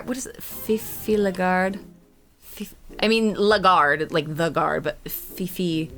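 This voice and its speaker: A woman in casual chat while reading a game with a friend, excitable and giggly. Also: on the low side, slow pace, soft background music. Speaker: game reader.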